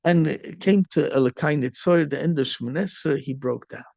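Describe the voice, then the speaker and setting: Rabbi storyteller, male: strongly gravelly, mellow tone, dry close sound, animated telling sprinkled with Yiddish. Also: a little high, brisk, dry recording. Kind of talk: storytelling sermon.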